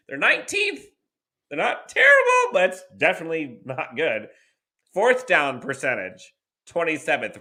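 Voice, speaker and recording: A sports podcast co-host rattles off team stats in casual chat, dropping dry laughs along the way. His mid-range voice sounds pushed and bright.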